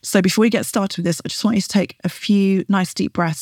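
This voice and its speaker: A woman podcast host coaching her listeners, guiding them through slow breaths and encouraging them often with a quick "right?". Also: mid-range voice, fairly even intonation, darkish tone, husky, dry recording. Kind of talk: coaching talk with guided breathing.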